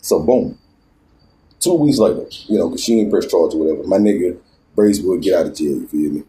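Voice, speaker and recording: A man telling a story in a casual, slangy, animated way, out in a garden. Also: low voice, fairly quick, rough recording. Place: outdoors in a garden.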